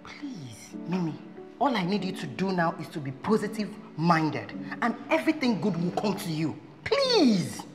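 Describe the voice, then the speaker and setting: A woman's voice: on the low side, wildly swooping pitch, moderate pace. An actress with a Nigerian accent playing an outspoken, protective female friend who scolds and comforts in Pidgin-laced speech. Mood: reassuring. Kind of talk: Nollywood film acting. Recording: echoey room with music underneath.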